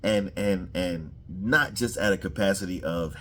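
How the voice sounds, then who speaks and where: A man giving a casual, animated, profane reaction to a show episode and often repeating himself. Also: low-pitched, unhurried, a little hiss or hum. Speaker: show reviewer.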